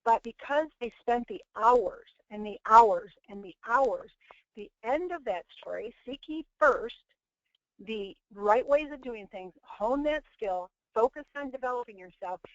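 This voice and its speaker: A woman leads a motivational webinar, hammering her points with repetition and little acted-out quotes. Her voice sits fairly high. The audio is dry and a bit muffled, like a lo-fi online call. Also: animated, a little slow, a bit bright, no echo. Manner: preachy, repetitive, acts out quoted people. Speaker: webinar presenter.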